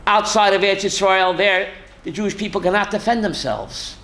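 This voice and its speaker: A rabbi teaching a Torah class to students, animated and full of rhetorical questions. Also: male voice, high-pitched, fairly quick, slight background noise. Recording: roomy classroom echo.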